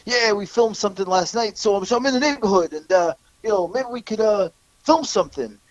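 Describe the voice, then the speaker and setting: A man voicing a loud fake-Italian tough-guy wrestler in a high, shouty wiseguy voice. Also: a little fast, dry recording, lo-fi sound, close to an everyday voice. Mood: boisterous.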